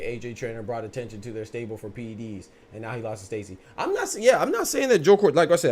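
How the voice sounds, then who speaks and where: A man with a medium-pitched, darkish voice hosts a boxing podcast livestream, talking casually and responding to viewer chat in slangy speech. He often repeats words as he thinks.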